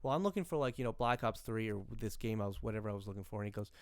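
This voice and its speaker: This young man's lowish voice is smooth, with lively intonation and a rapid-fire delivery. Co-hosting a podcast, he spins a rambling anecdote in casual chat, starting over at times and impersonating those he quotes, recorded dry at studio quality.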